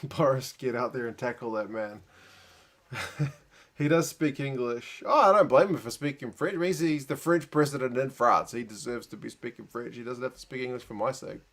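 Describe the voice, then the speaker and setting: A tired man with a New Zealand accent talks casually into a desk mic late at night. His voice sits at an ordinary middle pitch. He drifts between quiet muttered asides and chatty replies to viewers. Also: normal speed. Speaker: live-stream host. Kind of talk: casual live reaction stream, reading chat.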